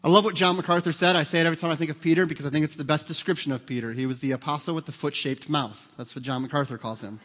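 A man's voice: fairly high pitch, fairly even intonation, very fast, few pauses, a bit bright. A man preaching a sermon as pastor, talking conversationally and putting questions to the congregation. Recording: long hall reverb.

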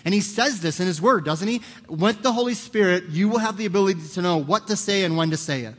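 Male pastor, fairly high voice, earnest conversational sermon, long hall reverb. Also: fast talker, fairly bright tone. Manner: earnest, conversational preaching with personal stories.

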